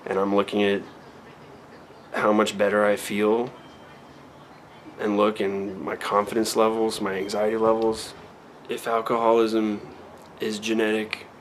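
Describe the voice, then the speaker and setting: Speaking from a room in his home, a vlogger in his thirties talks candidly in a low-leaning voice over faint background noise. His reflections wander, full of fillers and false starts.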